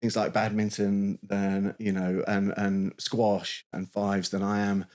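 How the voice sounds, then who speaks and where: A man's voice: lowish voice, monotone, slow pace, darkish tone. A man co-hosting a podcast, talking casually and enthusiastically, often restarting and repeating words. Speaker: podcast co-host. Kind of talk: casual chat.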